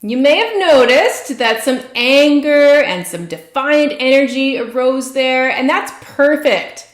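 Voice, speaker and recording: A woman practitioner giving gentle, soothing guided tapping instruction. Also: high-pitched, expressive, takes it slowly, echoey room.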